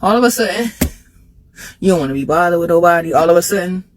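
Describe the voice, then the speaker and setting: A woman talking casually to camera, animated, laughing between phrases and jumping high in pitch when she makes a point. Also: quick pace, slight background noise. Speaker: vlogger.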